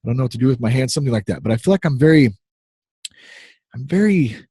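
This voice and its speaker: A man's voice: medium pitch, expressive, fast, mellow, husky, dry recording. A man in his thirties hosting a podcast, talking casually in a rambling, easily distracted, playful way. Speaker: podcast host.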